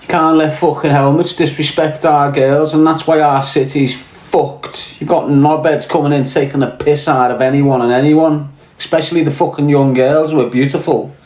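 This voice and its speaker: A man's voice: a little high, steady tone, normal speed, a little mellow. A man with a Liverpool Scouse accent, ranting bluntly on a podcast and swearing heavily. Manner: blunt, heavy swearing, fired-up. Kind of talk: casual rant. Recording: roomy echo.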